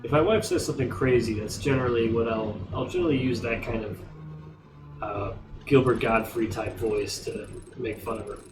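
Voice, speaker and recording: A man's voice: medium pitch, normal speed, far from the mic. A man giving chatty, rambling let's play commentary, recorded off-mic in a roomy space with game music behind. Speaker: gamer streamer.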